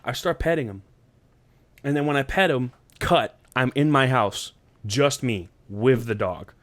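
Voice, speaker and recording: A man's voice: unhurried, fairly bright tone, dry recording. A man hosting a podcast, casually telling a rambling dream story full of swearing and laughter. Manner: rambling, profane, laughs often, jumps up in pitch for quoted lines. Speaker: podcast host.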